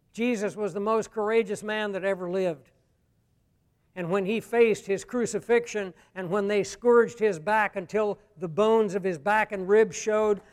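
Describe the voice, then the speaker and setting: A pastor preaching a sermon, dropping to a hush and then rising to loud emphatic lines. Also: male voice, high-pitched, smooth. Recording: long hall reverb.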